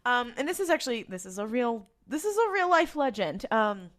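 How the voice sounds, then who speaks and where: A woman's voice: fairly high pitch, very animated, a little fast, a bit bright. A woman co-hosting a casual recap podcast, telling the story with lots of energy, acting out lines and laughing often. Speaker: podcast co-host.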